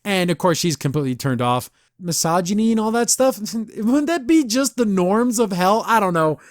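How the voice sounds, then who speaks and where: A man's voice: sits high, lively intonation, normal speed, dry recording, clean studio sound. A man hosting a podcast, casually reviewing an episode, rambling and laughing often. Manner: chatty, rambling, laughs often, says "I don't know" a lot. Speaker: podcast host.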